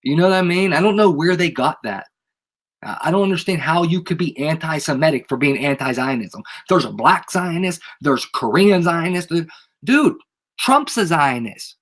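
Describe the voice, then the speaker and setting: A man's voice: fairly high pitch, lively intonation, moderate pace, a bit bright. Man with a cold, emphatic and repetitive. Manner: loose, emphatic, repeats phrases, slangy. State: has a head cold. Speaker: channel host. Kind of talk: casual livestream rant.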